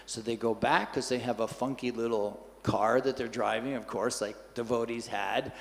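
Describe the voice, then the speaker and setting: A man giving a scripture class in a temple hall, telling an anecdote in a lively way and acting out the quotes. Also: medium pitch, moderate pace, gravelly. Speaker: class speaker.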